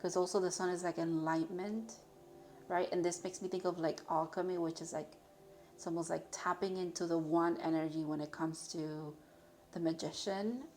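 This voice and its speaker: A woman's voice: lowish voice, steady tone, moderate pace, a little mellow, a little hiss or hum. Chatty woman reading tarot cards. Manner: chatty, rambling, with frequent fillers and self-corrections. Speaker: tarot reader. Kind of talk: casual tarot reading to camera.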